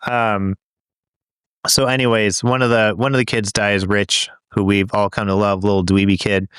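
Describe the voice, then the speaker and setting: A man's voice: fairly low pitch, fairly bright tone, clean tone, no echo. A man co-hosting a casual podcast chat, talking in a rambling, hesitant way with many fillers. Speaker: podcast co-host.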